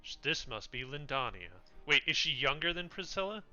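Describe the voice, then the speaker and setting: A man's voice: fairly high pitch, big pitch swings, moderate pace, bright, forceful tone, dull audio, soft background music. A man playing a tabletop game, playful and fumbling through his notes. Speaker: player. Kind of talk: casual play at a tabletop game.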